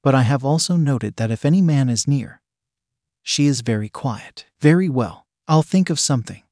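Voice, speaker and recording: A man reading the lines of a composed, worldly young unmarried woman who speaks calmly and reassuringly. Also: medium pitch, moderate pace, no echo, clean studio sound, close to an everyday voice.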